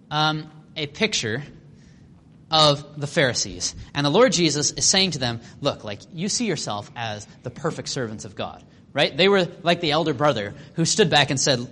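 Animated casual male preacher. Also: a little high. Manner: animated, acts out quotes with sarcasm, casual fillers. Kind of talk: sermon.

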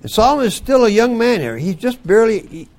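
An older man teaching a youth Bible school class, folksy and joking, with loud bursts for emphasis. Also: very high voice, lively intonation, a little fast. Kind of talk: folksy devotional talk to youth.

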